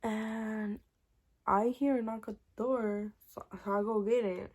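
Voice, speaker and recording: A woman's voice: mid-range voice, measured pace. A young woman telling a personal story in a casual, profane vlog, acting out what everyone said. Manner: animated, profane, acts out dialogue.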